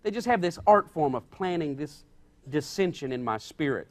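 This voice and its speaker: High-voiced male pastor preaching folksy. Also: expressive, moderate pace. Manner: emphatic, repeats key points, acts out quoted dialogue; folksy, plain-spoken. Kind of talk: sermon.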